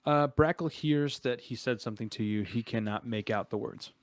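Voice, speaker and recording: A young adult man narrating as game master of a tabletop game, relaxed and chuckling, with frequent filler words. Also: medium pitch, moderate pace, no echo.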